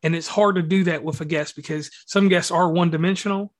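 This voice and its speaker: Male podcast host, fairly high pitch, rambling slangy praise. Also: fairly even intonation, quick pace. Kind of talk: casual interview talk.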